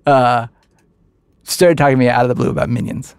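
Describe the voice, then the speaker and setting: Creaky-voiced man telling anecdotes. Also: mid-range voice, fairly even intonation, no echo, clean studio sound. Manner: anecdotal, drawn-out stresses. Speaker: podcast guest. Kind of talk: casual chat.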